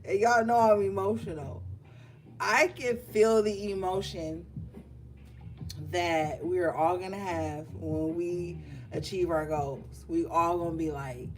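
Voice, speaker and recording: Slow-talking woman reading tarot. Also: on the low side, steady tone, a little mellow. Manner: loose, profane and chatty. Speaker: tarot card reader. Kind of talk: casual live tarot reading.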